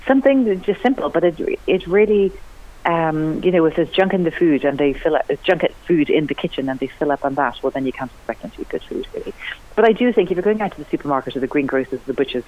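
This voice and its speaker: An enthusiastic woman talks about cooking as a guest on a radio show. Her voice jumps up for emphasis as she chats. The sound is dull and lo-fi, like an old broadcast. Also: deep voice. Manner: chatty, enthusiastic, lively rising emphasis. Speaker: cookery writer and TV cook, guest. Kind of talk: radio interview chat.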